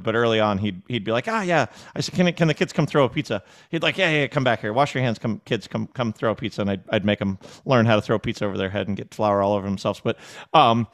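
A man talking as a guest on a podcast, animated and repeating words as he acts out little conversations. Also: medium pitch. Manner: animated storyteller, acts out dialogue, frequent word repeats. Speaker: podcast guest, restaurant technology executive. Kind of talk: casual interview talk.

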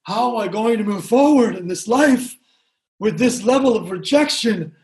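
A man's voice: high-pitched, animated, moderate pace, a little mellow. A man doing a server who takes every refusal as a tragedy, in a raised voice. He wails and overdoes the hurt, pleading to nobody. Played broadly for a crowd at a live talk. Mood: wounded. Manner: wailing, theatrical self-pity. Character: melodramatic server crushed by a polite no.

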